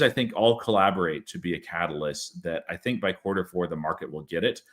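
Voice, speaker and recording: A man with a deep, low voice hosts a casual stock discussion. He thinks out loud, padding his points with frequent fillers as he goes. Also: brisk. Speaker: channel host.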